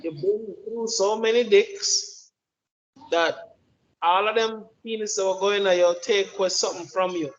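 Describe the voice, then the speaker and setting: A man's voice: high voice, fairly even intonation, a little slow, lo-fi sound. A man with a Jamaican accent delivering an emphatic, preachy opinion monologue, often repeating his words. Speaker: commentator.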